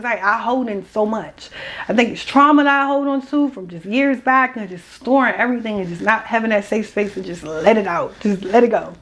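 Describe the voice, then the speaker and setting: A young woman speaks in a slightly high voice. She talks straight to camera in a rambling, heartfelt way, slangy and open. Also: fairly bright tone. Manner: rambling, emotional and candid, slangy. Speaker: vlogger. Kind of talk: candid personal vlog.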